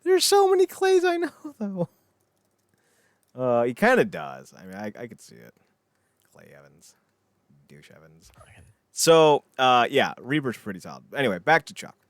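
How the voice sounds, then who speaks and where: A man's voice: mid-range voice, sing-song, measured pace, pauses often, dry recording, studio quality. A man co-hosting a casual podcast, rambling and swearing, often trailing off into mumbles. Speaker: podcast co-host.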